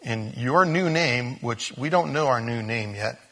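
Husky-voiced man preaching in a hall. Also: mid-range voice, unhurried. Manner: animated, shifts emphasis dramatically, sudden loud rises. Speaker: pastor. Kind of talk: expository sermon. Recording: long reverb of a large hall.

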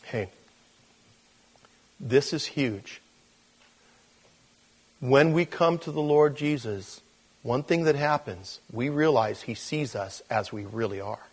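Husky-voiced man preaching a casual sermon. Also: medium pitch, slow pace, long pauses. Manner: conversational, with fillers and restarts; shifts between quiet intensity and animated emphasis. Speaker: pastor.

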